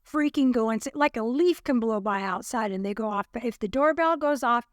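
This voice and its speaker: High-voiced woman telling a story. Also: brisk, no echo. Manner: animated storyteller, acts out voices. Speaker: podcast co-host. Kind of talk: casual chat, storytelling.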